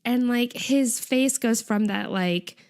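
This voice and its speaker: A woman's voice: fairly high pitch, takes it slowly. Chatty young woman retelling a show. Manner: animated storytelling, frequent "like" and laughter. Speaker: podcast co-host. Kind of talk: casual chat, retelling a show episode.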